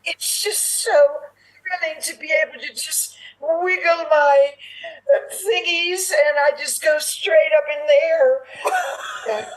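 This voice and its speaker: A woman with a high voice plays both parts of a comic improv scene, breathless and gushing in each character. She speaks unhurriedly and is heard over a video call. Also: takes it slowly, low-quality recording. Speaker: improv performer.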